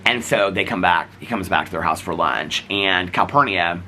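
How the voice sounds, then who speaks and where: A man's voice: deep voice, moderate pace, bright, forceful tone, slight background noise, low-quality recording. A man vlogging in casual chat, rambling as he retells stories and acts out what people said. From United States. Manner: rambling, retells scenes acting out each line.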